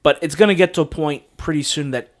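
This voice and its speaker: A man talking casually on a movie podcast, his voice sitting a little on the high side for a man. He rambles and restarts his sentences, filling the gaps with ums and likes, and breaks into easy laughter. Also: fast. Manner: rambling, lots of fillers and restarts, laughs easily. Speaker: podcast co-host.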